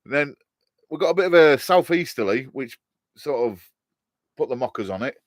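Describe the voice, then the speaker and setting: A man's voice: medium pitch, animated, moderate pace, no echo, clean studio sound. A middle-aged man with a Hull, East Yorkshire accent, chatting casually on a live stream, answering viewer comments in a jokey, rambling way and laughing often.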